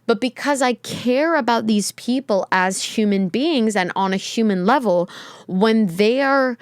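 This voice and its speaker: A woman's voice: on the high side, unhurried, clear, resonant tone, no room sound. Young woman, podcast host, candid solo talk, rambling, emotional, dry close recording. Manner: reflective, emotional, rambling with fillers.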